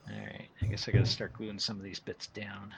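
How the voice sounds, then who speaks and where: A man's voice: fairly low pitch, completely flat delivery, a little fast, gravelly, noisy background. A man hosting a livestream, chatting casually and chuckling as he builds a prop. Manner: easygoing, chuckling, many fillers. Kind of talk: casual chat while working.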